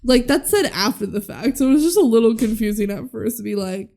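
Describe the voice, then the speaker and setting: Lively young woman chatting on a podcast. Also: on the high side, brisk, gravelly. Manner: animated, acts out characters' lines, laughs often. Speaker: podcast co-host. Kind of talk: casual chat recapping a movie.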